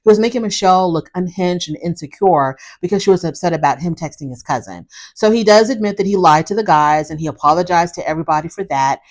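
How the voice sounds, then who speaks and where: A woman's voice: lowish voice, fast talker, hardly any pauses. Opinionated woman recapping reality TV. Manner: animated, opinionated, acts out quotes; frequent fillers and restarts. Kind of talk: casual recap commentary.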